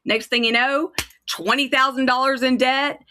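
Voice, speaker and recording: On a livestream, a kratom advocate vents in casual chat, angry, worked up and swearing freely. Her voice is high-pitched with a steady yet sharp tone, she talks at a moderate pace, and there's a little background noise.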